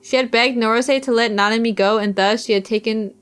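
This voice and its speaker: A woman's voice: on the high side, steady tone, a little fast, fairly bright tone, smooth. Young woman reading a visual novel aloud. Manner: casual, self-deprecating asides. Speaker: streamer.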